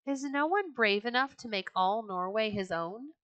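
A woman's voice: a little high, lively intonation, moderate pace, a bit bright, no echo, lo-fi sound. A woman voicing a proud young Viking princess who speaks in a haughty, scornful way.

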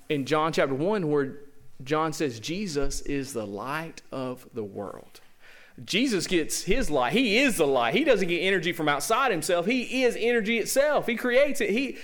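A man's voice: fairly high pitch, a bit bright. A man with a Southern accent preaching a sermon as pastor, in a folksy, conversational way full of rhetorical questions.

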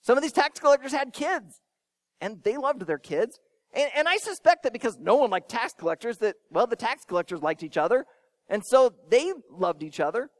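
A male pastor with a very high, animated voice that leaps up for emphasis and drops low for quiet points. He asks his young listeners questions directly as he preaches. The sound is close and dry. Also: moderate pace, no echo. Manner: expressive, swinging between emphatic and soft. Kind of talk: sermon.

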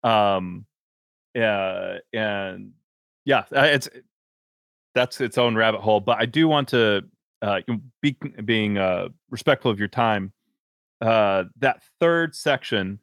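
A male host with a lowish voice chats casually, circling his point with "like" and "um". The sound is dry and close. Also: takes it slowly, fairly bright tone, no echo. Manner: rambling, many fillers and restarts. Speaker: podcast host. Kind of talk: casual interview conversation.

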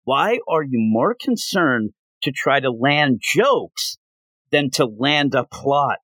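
A man's voice: medium pitch, animated, takes it slowly, a bit bright, no echo. A man co-hosting a comic book podcast, recapping an issue in casual chat and acting out the characters' lines. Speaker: podcast co-host.

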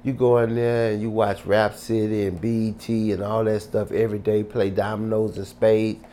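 A man voicing a stern older male prison mentor who lectures low and quiet. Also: little pitch movement, normal speed, slight background noise, natural voice.

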